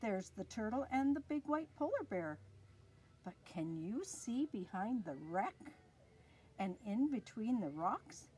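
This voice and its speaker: A woman with a Canadian accent reading a picture book aloud to young children in a slow, sing-song, expressive way. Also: a little high. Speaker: early years storyteller.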